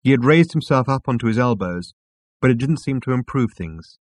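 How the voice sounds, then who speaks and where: A man narrating a storybook chapter in a slow, measured, dramatic reading. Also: medium pitch, expressive, darkish tone, dry recording. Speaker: audiobook narrator. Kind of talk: scripted narration.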